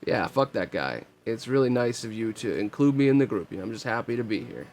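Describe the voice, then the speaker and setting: A man's voice: on the low side, big pitch swings, brisk, darkish tone, slight background noise. A man voicing Ted, a laid-back, easygoing companion who talks in a chill, drawling bro way. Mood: pleased.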